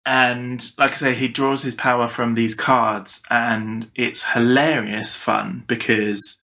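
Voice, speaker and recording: Man, bright tone, animated storyteller, casual swearing, tabletop game chat. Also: mid-range voice, slow. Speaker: podcast guest.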